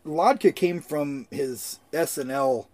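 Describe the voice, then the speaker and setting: A man's voice: fairly high pitch, slow pace, a little mellow. A man co-hosting a podcast, telling loose, jokey stories in casual chat and swearing freely. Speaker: podcast co-host.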